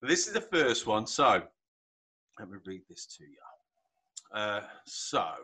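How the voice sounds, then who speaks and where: A man hosting a podcast in a chatty, jokey way and laughing loudly. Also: on the low side, very animated, slow, slightly rough, no echo. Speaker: podcast host. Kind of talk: casual podcast chat.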